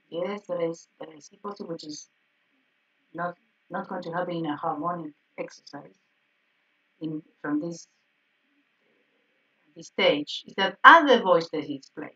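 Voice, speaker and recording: A woman piano teacher explaining harmony exercises in an online group lesson, checking in with frequent "yes?" and soft laughs. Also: lowish voice, unhurried, long pauses. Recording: slightly dull, distant online call audio.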